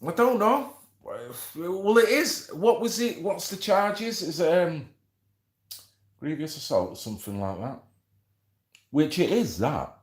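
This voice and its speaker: A man's voice: a little high, very animated, slow, pauses often, reverberant. A man hosting a casual livestream, bantering with viewers, swearing and reading out names from the chat. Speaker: livestream host.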